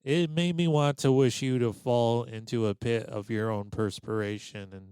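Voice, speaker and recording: A man's voice: medium pitch, fairly even intonation, normal speed, a little mellow, clean tone. A man hosting a comedy podcast, ribbing his co-host with sarcastic, mock-indignant banter.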